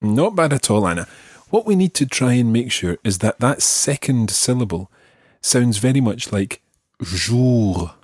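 A Scottish man teaching a language lesson, slowly modelling French words for a learner to repeat. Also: medium pitch, lively intonation, darkish tone, husky, no room sound, studio quality. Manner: slow, careful modelling of French words for repetition.

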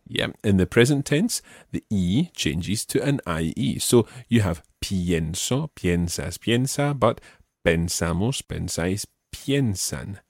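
A man's voice: low-pitched, lively intonation, slow pace, no echo, studio quality. A man teaching a Spanish lesson, patiently explaining step by step and prompting his student. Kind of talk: spoken language lesson.

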